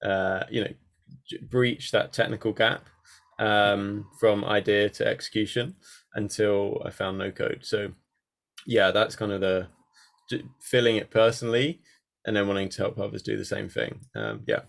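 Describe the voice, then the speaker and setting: A man's voice: fairly low pitch, moderate pace, gravelly. A man hosting an online workshop over a video call, hesitant and full of fillers. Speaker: workshop host. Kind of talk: casual online workshop chat.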